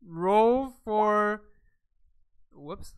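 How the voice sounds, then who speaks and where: A man's voice: high-pitched, drawn-out words, clear, resonant tone. A man running a tabletop game as its game master, narrating casually with many hesitations. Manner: casual, hesitant, filler-heavy.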